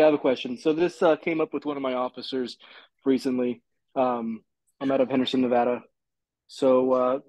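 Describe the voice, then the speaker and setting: A man's voice: mid-range voice, no echo. A man who supervises police officers calls in to a live session, asking his question plainly with some hesitation. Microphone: own mic on a video call. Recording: dull, dry call audio.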